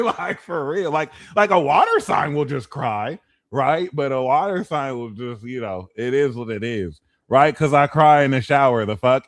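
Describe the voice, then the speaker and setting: A man giving a casual astrology monologue, swearing freely and acting out quick impressions. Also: a little high. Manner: animated, swears, acts out impressions. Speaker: astrology reader.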